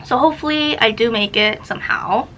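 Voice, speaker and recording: A woman's voice: on the high side, a little fast, pushed and bright, a little hiss or hum, poor audio. A young woman chatting casually as a book vlogger, rambling and sidetracked while she films herself on camera. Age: young adult. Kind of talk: casual vlog chat. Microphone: camera facing her, self-filmed.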